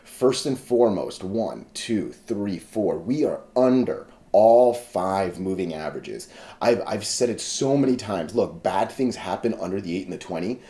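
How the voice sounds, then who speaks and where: A man with a lowish, mellow voice hosts a stock chart video. He talks frankly and casually, leaning on little check-ins like "right?" to keep the viewer with him. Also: animated, unhurried. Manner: frank, emphatic, peppered with "all right?" and "right?". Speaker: stock chart analysis host. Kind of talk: casual talk to camera.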